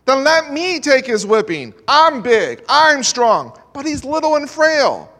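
A man voicing a big schoolboy bully who pleads urgently in a high, loud voice. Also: big pitch swings, measured pace, exaggerated voice. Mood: pleading. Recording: long hall reverb.

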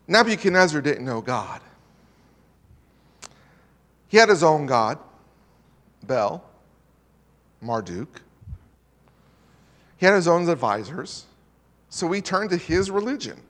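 A man's voice: a little high, a bit bright, in a large hall. A man preaching a sermon, reading scripture aloud and then retelling it in his own plain words. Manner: earnest preaching, reads scripture in King James wording. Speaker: pastor.

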